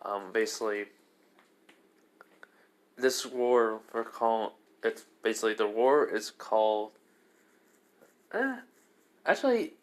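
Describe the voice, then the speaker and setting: A man's voice: lowish voice, expressive, takes it slowly, pauses often. A man casually narrating a made-up story, rambling and correcting himself as he goes. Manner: rambling, lots of fillers and restarts. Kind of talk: casual spoken fan-fiction narration.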